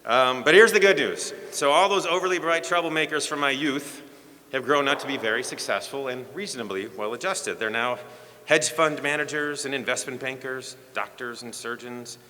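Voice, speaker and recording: A man's voice: medium pitch, moderate pace, pushed and bright. A man in his forties giving a jokey, self-deprecating ceremony speech. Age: 40s. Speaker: keynote speaker. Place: school hall or stage, filmed. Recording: long hall reverb.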